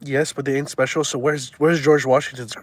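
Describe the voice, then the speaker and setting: A man's voice: medium pitch, little pitch movement, brisk. A man in his twenties chatting casually on a live stream in loose, crude, slang-heavy banter. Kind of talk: casual chat.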